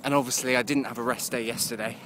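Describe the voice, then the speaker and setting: A man's voice: mid-range voice, steady tone, quick pace, noisy background. A man, rambling casually in a video diary and often laughing. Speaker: vlogger.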